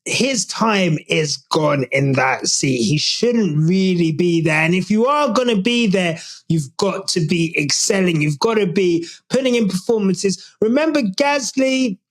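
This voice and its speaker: A man hosting a podcast, giving casual, animated opinion commentary with jokey asides. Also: high voice, unhurried, hardly any pauses. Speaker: podcast host.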